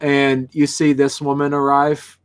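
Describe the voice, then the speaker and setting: A man narrating a tabletop game as game master, halting and full of restarts. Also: fairly high pitch, completely flat delivery, clean tone.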